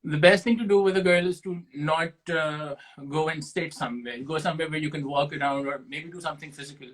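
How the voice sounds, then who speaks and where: Bright-voiced young man answering quick questions. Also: a little high, fairly even intonation, rough recording. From Pakistan. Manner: self-deprecating, thinks aloud with restarts. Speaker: guest. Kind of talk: casual rapid-fire Q&A.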